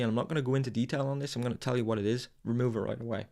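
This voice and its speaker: A man's voice: mid-range voice, steady tone, very fast, gravelly, mellow. A man hosting a podcast, delivering an intense, profane motivational monologue. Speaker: podcast host.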